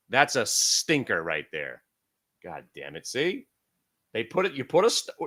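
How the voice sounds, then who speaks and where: A middle-aged man hosts a live stock trading room, giving market commentary in a bright, mid-range, forceful voice. He rants frantically and swears a lot.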